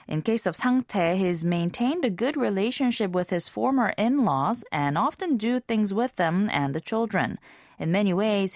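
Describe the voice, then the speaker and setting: A woman hosts a scripted language lesson, explaining each phrase in a clear, measured way. Her voice rises and falls a lot as she talks. The sound is close and dry, with no room echo. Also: medium pitch.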